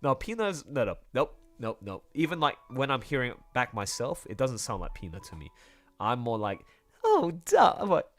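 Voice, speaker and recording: An artist livestreaming while he draws talks casually, rambling and chatty, full of fillers and asides. His medium-pitched voice is animated, brisk and a bit bright.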